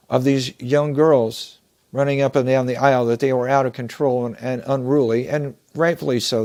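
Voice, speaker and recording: A man speaking in an earnest, measured way, like a motivational speaker telling a story. His voice sits at an ordinary middle pitch, and he draws out key words for weight. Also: a little mellow. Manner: measured, earnest, slows down for emphasis. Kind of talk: storytelling talk.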